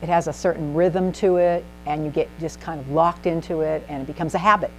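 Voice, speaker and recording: A woman giving an animated, emphatic presentation to a small group in a meeting room, asking the audience questions as she teaches. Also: sits low, fairly quick, a little hiss or hum, poor audio. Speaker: speaker at a speaking club. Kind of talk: instructive presentation.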